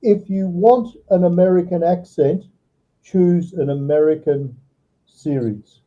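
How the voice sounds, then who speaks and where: A man's voice: high voice, a little slow, warm tone, lo-fi sound. A man tutoring a student over a video call, giving step-by-step advice and checking in with "all right" often. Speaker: online English tutor.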